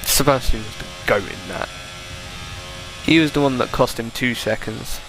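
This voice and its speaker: Gravelly guy commenting on a race replay. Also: mid-range voice, noisy background. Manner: chatty, thinking aloud, quick self-corrections. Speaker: gaming video creator. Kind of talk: casual game replay commentary.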